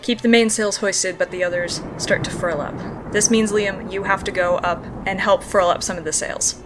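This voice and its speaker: A woman narrating a tabletop role-playing game as game master, describing the scene in a steady, descriptive way. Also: medium pitch, normal speed, music in the background.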